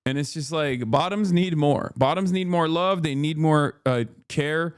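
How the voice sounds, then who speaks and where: A man hosting a live stream, ranting and joking in a profane, animated, casual way. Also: on the high side, unhurried, clear, resonant tone, no echo, clean studio sound. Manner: joking, sarcastic. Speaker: livestream host. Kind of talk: casual livestream commentary.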